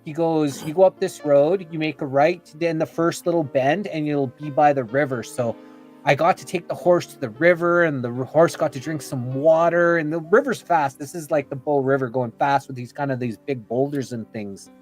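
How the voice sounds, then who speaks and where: A slightly high, darkish male voice at normal speed carries this podcast guest's long, rambling personal story. He peppers it with "like" and "you know" and acts out what others said, while faint music runs in the background.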